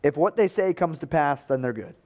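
A man's voice: a little high, animated, fairly quick, a little mellow. Man preaching a casual storytelling sermon. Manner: conversational storytelling, acting out quoted voices, chuckles.

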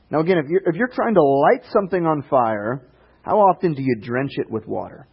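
A man preaching a casual sermon, retelling stories in a conversational way with sarcastic asides and quick character voices. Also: fairly high pitch, lively intonation, gravelly, breathy edge, dull audio. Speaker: pastor.

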